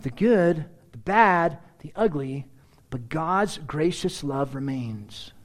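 Animated man preaching a sermon. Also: fairly high pitch, slow pace. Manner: animated storyteller, conversational asides, frequent throat-clearing. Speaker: pastor. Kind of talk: sermon with personal stories.

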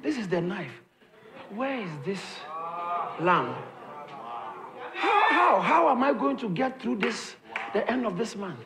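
A man preaching a sermon, repeating his lines emphatically, building to shouts, and calling on the congregation to answer. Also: high voice, sing-song, takes it slowly, long pauses. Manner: calls on the congregation to respond. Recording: echoey room with crowd audible. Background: congregation responding.

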